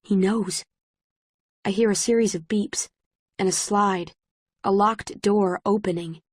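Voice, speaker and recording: A woman reading a first-person story as an audiobook narrator, in a measured storytelling manner. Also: mid-range voice, steady tone, no room sound, clean studio sound. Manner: measured, present-tense storytelling.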